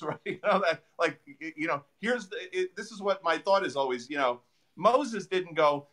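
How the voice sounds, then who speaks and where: A man, a chiropractor guest, answering interview questions with animated storytelling and frequent fillers. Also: a little high, normal speed.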